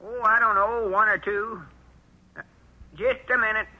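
An actor playing an old rural grandpa who puts on a fake high voice over the phone, stalling and hesitant, on a muffled old radio recording. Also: male voice, steady tone, unhurried, husky. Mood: fake politeness. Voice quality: raised, put-on falsetto-ish tone.

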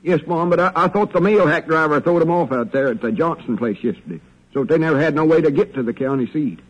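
An actor playing a simple, eager young country man, in a husky, stammering drawl, in 1940s radio acting. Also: a little high, animated, dull audio. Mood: earnest. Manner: slow, stammering rural drawl.

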